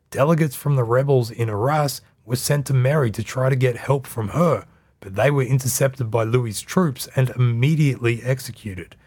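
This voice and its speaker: A man narrating history for a podcast at an even, middle pitch. His telling is measured and scripted, and he drops a dry aside here and there.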